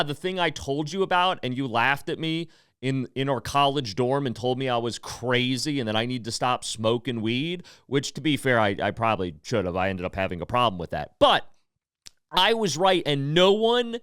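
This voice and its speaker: A man's voice: on the high side, a bit bright, smooth, dry recording, studio quality. Bitter, sarcastic young man ranting. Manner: bitter, sarcastic, swings between fast outbursts and slow drawn-out words. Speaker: podcast host. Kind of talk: casual podcast rant.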